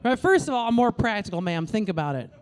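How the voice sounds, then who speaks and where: A woman's voice: mid-range voice, quick pace. A woman comedian in her thirties, originally from New York, doing a brash, crude stand-up routine into a stage mic. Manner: brash, crude, animated punchlines.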